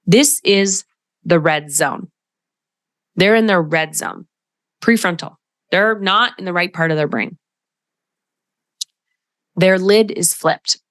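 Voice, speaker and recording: Brief: middle-aged woman, podcast coach, low-ish voice, emphatic and direct, dry close mic. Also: slow pace, long pauses, dry recording. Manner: emphatic, direct, conversational, acts out quoted voices. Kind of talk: solo podcast talk.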